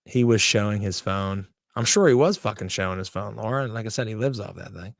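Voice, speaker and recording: A man's voice: fairly low pitch, animated, brisk, creaky, no room sound. A man hosting a podcast in casual live-stream chat, talking in a blunt, rambling, profane way. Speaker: podcast host.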